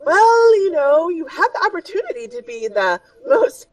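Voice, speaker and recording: A woman's voice: extremely high pitch, very animated, moderate pace, dry recording, recorded from a distance, pitched above the performer's own voice, poor audio. A woman voicing a pushy, chatty female fashion shopkeeper in a tabletop game, with a wheedling sales patter. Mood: gushing.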